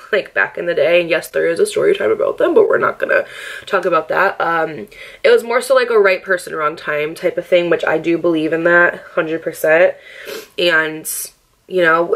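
Young woman vlogger, lowish voice, candid chatty delivery with lots of "like", swears and laughs easily. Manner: upbeat and affectionate, laughs often. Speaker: lifestyle vlogger. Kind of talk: casual get-ready-with-me chat.

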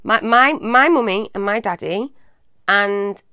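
A woman, hosting a live advice talk for children, affectionate and animated. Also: medium pitch, unhurried, no echo, clean studio sound. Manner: animated, affectionate, addresses viewers as little loves. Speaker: advice show host.

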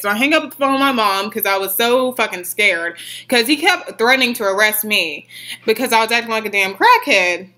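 Bright-voiced young woman telling a wild story. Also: medium pitch, moderate pace. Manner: rambling, profane, animated retelling. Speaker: vlogger. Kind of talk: casual storytime vlog.

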